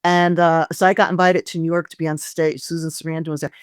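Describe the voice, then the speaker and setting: A woman's voice: low voice, level tone, clean tone, dry recording, studio quality. An older woman co-hosting a casual chat, effusive and easily moved, telling anecdotes with lots of asides. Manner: emotional, effusive, quick to get choked up.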